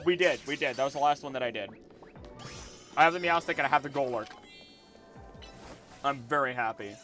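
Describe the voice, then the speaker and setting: A man's voice: medium pitch, fairly bright tone. A man in his twenties chatting casually to his viewers while playing a game, rambling and repeating himself as he reacts. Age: 20s. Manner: rambling, repeats words, talks to chat. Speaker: streamer. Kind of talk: casual gameplay livestream chat.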